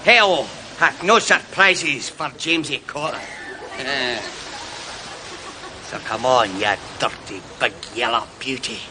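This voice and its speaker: A man's voice: medium pitch, slow, noisy background, close to an everyday voice. An actor playing a boastful working man in a sitcom. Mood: swaggering. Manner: swaggering, boastful. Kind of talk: sitcom acting.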